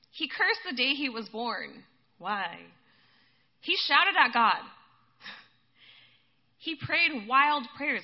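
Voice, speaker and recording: Woman preacher, easygoing sermon, voice a bit high, muffled lo-fi sound. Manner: conversational, addresses listeners as guys, laughs often. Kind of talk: casual sermon. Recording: dull lo-fi recording.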